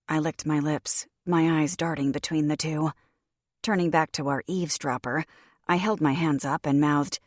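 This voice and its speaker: Low-voiced woman reading an audiobook. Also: fairly even intonation, moderate pace, no echo, studio quality. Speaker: audiobook narrator. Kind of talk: scripted narration.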